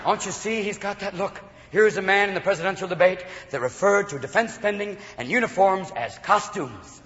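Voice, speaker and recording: A man doing a rapid, ranting stand-up routine on a club stage, slipping into voices and shouts. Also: high voice, lively intonation, in a large hall. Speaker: stand-up comedian. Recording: dull live club recording, audience noise.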